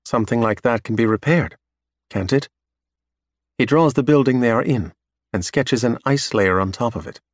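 A man narrating a science fiction novel in a steady, even way. His voice sits at an ordinary middle pitch. The recording is dry and close, with no room echo. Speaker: audiobook narrator. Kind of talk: scripted narration.

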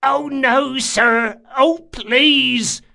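A grizzled highwayman, put on by a male narrator, begging for his life in a thin, high, strained voice with a pinched, altered tone. His lines come out slow and cringing, full of pleading. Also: very animated, sharp tone, heavily acted. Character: terrified grizzled male bandit, dangling.

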